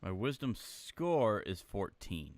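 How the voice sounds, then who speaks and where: A man's voice: on the low side, very animated, slow, no room sound. A man playing a tabletop game, eager and joking with the table. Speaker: player. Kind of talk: casual tabletop play.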